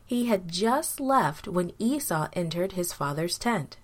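A woman narrating a Bible story for children in a gentle, deliberate way. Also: fairly low pitch, lively intonation.

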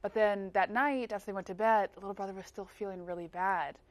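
A woman's voice: mid-range voice, steady tone, fast talker. A woman talking casually in a group Bible discussion, telling stories and acting out the voices she quotes. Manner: storytelling, acts out quoted voices, laughs easily. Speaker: panel member.

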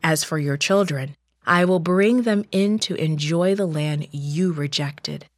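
A woman's voice: low voice, a little slow, no room sound, clean studio sound. The Lord as a solemn judge, read by a woman.

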